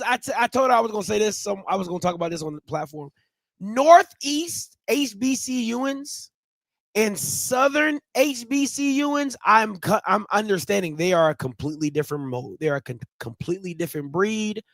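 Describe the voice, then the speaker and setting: Man, high voice, dry close sound, animated slangy storytelling, lots of restarts. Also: brisk, dry recording. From Ohio, USA. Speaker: vlogger. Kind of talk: casual storytelling vlog.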